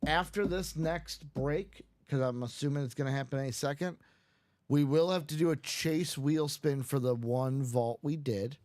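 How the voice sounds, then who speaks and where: A man's voice: on the high side, normal speed, darkish tone. A man hosting a live card break stream, chatting casually and reeling off player names in a jokey, upbeat way.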